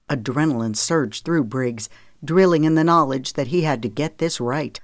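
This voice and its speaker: A narrator reading a novel in a steady, measured voice at an even, middle pitch. The recording is close and dry, with no room sound. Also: dry recording. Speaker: audiobook narrator. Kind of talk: scripted narration of a romance novel.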